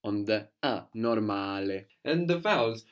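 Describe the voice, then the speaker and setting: Patient low-voiced male language teacher. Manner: patient, coaxing, models pronunciation slowly. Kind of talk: spoken language lesson with a student.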